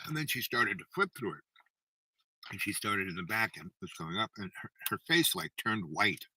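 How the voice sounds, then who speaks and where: Bright-voiced older man rambling a story. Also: fairly low pitch, very animated, moderate pace, husky, no room sound, rough recording. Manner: rambling, keeps asking "right?". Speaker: livestream host. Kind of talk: rambling storytelling to a live chat.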